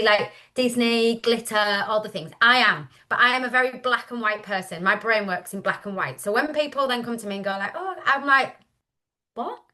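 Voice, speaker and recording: Brief: woman, team leader on a video call, bright and slightly high voice, chatty and fired up. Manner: energetic and chatty, says "literally" and "like" often. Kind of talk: motivational team training talk.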